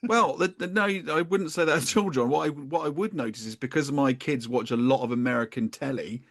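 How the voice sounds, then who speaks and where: A man from England with a British accent, hosting a podcast and chatting in a relaxed way. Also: mid-range voice, fairly quick. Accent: British English. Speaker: podcast host. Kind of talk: casual chat.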